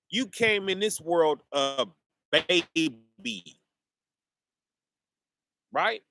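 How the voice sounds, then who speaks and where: A man's voice: sits high, bright, forceful tone. A man, preaching informally and firing off rhetorical questions to his listeners.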